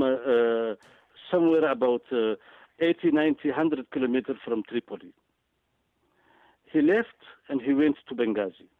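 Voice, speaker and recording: A man's voice: mid-range voice, dry recording. Emphatic man on a tinny phone line. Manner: emphatic, repeats words, frequent hesitant fillers. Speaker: guest analyst. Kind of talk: impassioned political commentary.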